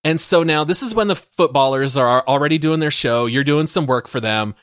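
A man in casual podcast chat, relaxed and amused, prompting his co-host through the story. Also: a little high, fairly quick, dry recording, clean studio sound.

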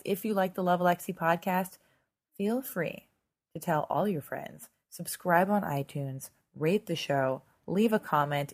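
A hoarse woman hosting her podcast, chatty and animated, swearing freely in a casual intro monologue. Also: on the low side. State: hoarse, lost voice. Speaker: podcast host. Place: Los Angeles.

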